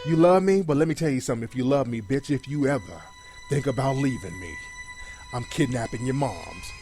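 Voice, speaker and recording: A man's voice: mid-range voice, animated, brisk, dark tone, faint music behind, pitched below the performer's own voice, natural voice. A man voicing a clingy, possessive boyfriend whose sweet talk snaps into growled threats. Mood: threatening.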